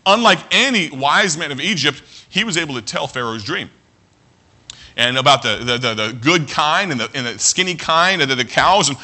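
A man preaching a sermon as pastor, earnest, often restarting his phrases and slowing down to read scripture. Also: fairly high pitch, bright, forceful tone.

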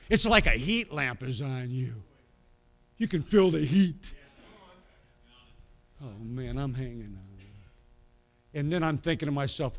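A man preaching from the pulpit in a slightly higher-pitched voice. He tells his testimony with animation, dropping low and quiet, then climbing to loud, emphatic stretches. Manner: animated storytelling that swings from quiet asides to loud emphatic bursts. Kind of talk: sermon, personal testimony.

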